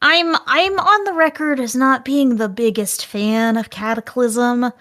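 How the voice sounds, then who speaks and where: A woman co-hosting a casual podcast, explaining events in an animated way. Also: a little high, unhurried. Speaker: podcast co-host.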